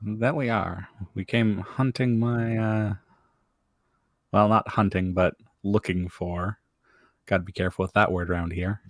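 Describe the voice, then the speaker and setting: A man speaking as a player in a tabletop game, relaxed and a little hesitant. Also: fairly low pitch, a little slow, no echo, clean studio sound.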